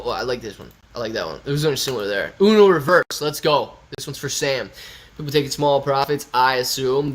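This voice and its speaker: A man from Ohio with a mid-range voice hosts a stock livestream, casually chatting as he reads viewer comments aloud and answers them.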